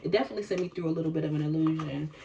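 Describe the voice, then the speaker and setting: A woman's voice: low voice, racing, creaky, dark tone, lo-fi sound, a little hiss or hum. A young woman telling a personal storytime in a casual vlog, blunt and profane, laughing often and tagging lines with "okay?".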